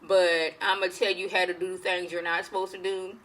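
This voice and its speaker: A woman's voice: lowish voice, level tone, moderate pace, fairly bright tone, close to an everyday voice. A woman voicing a worried royal manservant who talks in a conspiratorial way. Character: worried male royal servant, scheming helper.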